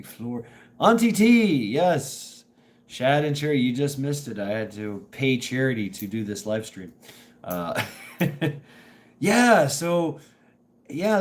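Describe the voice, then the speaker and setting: A middle-aged man hosts a casual live stream, rambling and halting as he greets viewers by name. His medium-pitched voice is strained and hoarse from dusty work.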